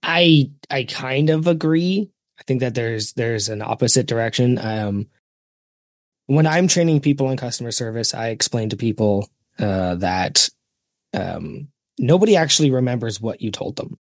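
Blunt podcast co-host guy, mid pitch, plays out little exchanges, dry mic. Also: animated, normal speed, no echo. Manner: blunt, acts out both sides of exchanges. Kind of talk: casual podcast chat.

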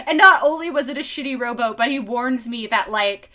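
A woman hosting a podcast, telling a video game story in casual chat, animated and swearing freely, with lots of fillers. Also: on the high side, brisk, few pauses. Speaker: podcast host.

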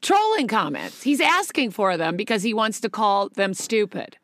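A woman co-hosting a casual, playful chat, trading quick banter. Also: medium pitch, very animated. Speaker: co-host.

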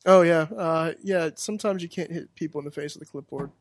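A man's voice: a little high, a little fast, no echo. A man chatting in a studio, sheepish and self-mocking, laughing often. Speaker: regular guest. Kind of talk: casual chat.

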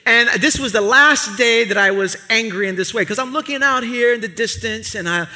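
New male pastor, high bright voice, chatty storytelling sermon, big reverberant church. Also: fairly quick. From Brooklyn, New York. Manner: lively conversational storytelling. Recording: long reverb of a large hall.

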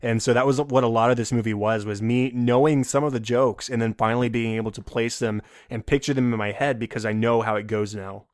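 A man with a smooth, clear voice co-hosts a casual movie podcast, recorded dry and close with no room sound. He speaks in an easygoing way, chuckling now and then as he recalls favorite lines. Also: mid-range voice, fairly even intonation, brisk, few pauses, dry recording. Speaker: podcast co-host. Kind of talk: casual film discussion.

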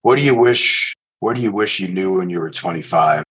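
A male podcast host with a very low, husky voice. He speaks in a measured way, affirming his guest's answers and steering the conversation. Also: a bit bright, poor audio. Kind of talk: interview questions and wrap-up.

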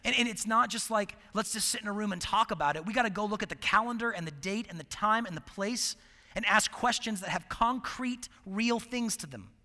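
A man preaching a sermon in a conversational, animated way, swinging between loud emphasis and hushed asides. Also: high-pitched, fairly quick, big-room sound.

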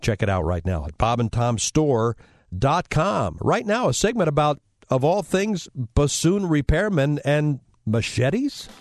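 A man's voice: on the high side, very animated, a little slow, darkish tone, no room sound. A man reading scripted radio announcements and promos in an upbeat promotional way. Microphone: studio microphone.

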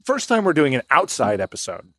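A man's voice: on the high side, wildly swooping pitch, a little fast, pushed and bright, no echo, clean studio sound. A man hosting a podcast outdoors, rambling in casual banter with many fillers. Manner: loose, rambling, with frequent "uh" fillers. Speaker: podcast host.

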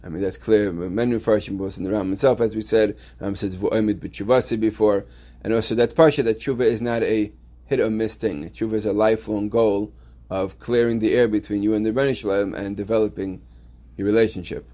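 Man, yeshiva teacher, Torah class, lowish voice, restarts often, explains step by step. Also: steady tone, a little fast, warm tone. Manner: explains step by step with frequent restarts, reading Hebrew texts aloud.

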